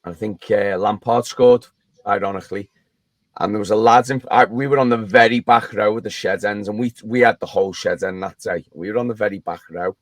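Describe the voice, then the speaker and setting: Low-voiced man telling a long story. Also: fairly quick, no echo. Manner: rambling storyteller, restarts often. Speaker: podcast co-host. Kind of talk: casual chat. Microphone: remote call.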